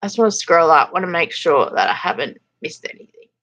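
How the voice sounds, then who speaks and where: A woman's voice: fairly low pitch, sing-song, brisk, fairly bright tone. A middle-aged Australian woman hosting a casual livestream, chatting and laughing as she greets viewers by name. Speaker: livestream host. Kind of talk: casual livestream chat reading comments.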